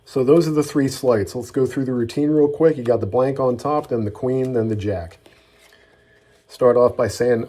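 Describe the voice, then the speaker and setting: A man's voice: medium pitch, steady tone, moderate pace, a little mellow. A middle-aged man hosting a magic tutorial, telling a story and then explaining sleights in an easygoing, folksy way.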